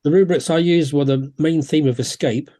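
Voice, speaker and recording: A man, a homeopath guest on a podcast, telling stories in a relaxed, anecdotal way and acting out quotes. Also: a little high, normal speed. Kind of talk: conversational storytelling.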